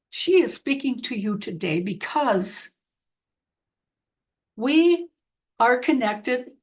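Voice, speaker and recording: A woman medium delivers a channeled spiritual message in an earnest, gentle tone. Her voice sits a little high. She talks extremely slowly and pauses after each short phrase. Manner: slow, halting, phrase by phrase, earnest.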